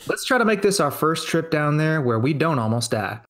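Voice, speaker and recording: A man's voice: fairly high pitch, very animated, moderate pace, crowd noise. A man playing a tabletop game, joking in casual chat. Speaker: player.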